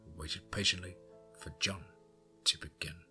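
A man's voice: deep voice, steady tone, a little slow, sharp tone, faint music behind. A man narrating a horror story aloud, then chatting enthusiastically to his listeners. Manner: enthusiastic, effusive.

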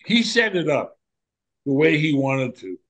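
An older man, a former monk, reminiscing in a relaxed, candid conversation and telling animated stories. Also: fairly high pitch, a little slow, rough recording. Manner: animated storyteller, candid and reflective.

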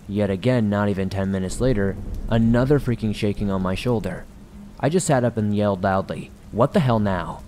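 A man's voice: fairly low pitch, mellow, a little hiss or hum. A man hosting a horror story podcast, reading viewer stories in a casual, conversational scripted narration.

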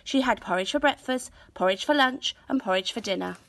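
A woman reading a children's picture book aloud in an expressive, storytelling manner. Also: a little high, a little fast, gravelly, slight background noise. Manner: expressive, sing-song storytelling. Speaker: storybook reader.

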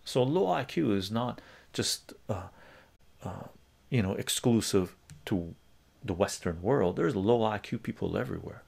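A man's voice: lowish voice, expressive, a little slow, creaky, a little mellow, breathy edge. A male live stream host telling a story in a heated, profane rant during a casual chat.

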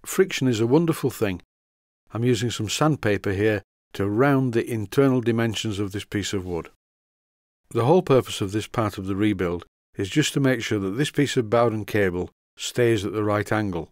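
An older man narrating a model workshop tutorial in a dry, deadpan manner. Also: on the low side, normal speed, no echo. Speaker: model engineering video host.

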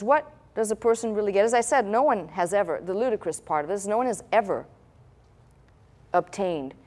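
A woman pastor delivering a sermon in a conversational style, with rhetorical questions and asides. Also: medium pitch.

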